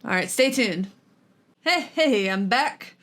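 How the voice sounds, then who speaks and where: Speaking slowly with lively intonation, a woman with a medium-pitched, fairly bright voice chats about her guitar gear in a casual home vlog as she practices. Her talk is self-deprecating and full of fillers and giggles.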